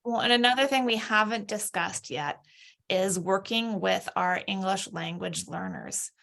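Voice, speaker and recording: Woman with a heavily gravelly voice. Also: medium pitch, unhurried, a bit bright. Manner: explanatory, thoughtful with restarts. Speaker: literacy educator. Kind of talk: interview conversation.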